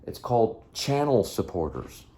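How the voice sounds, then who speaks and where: A man vlogs casually from his apartment on a handheld phone held selfie-style, wandering from topic to topic and cutting himself off. His voice is on the low side, mellow, and very animated, and he takes his time.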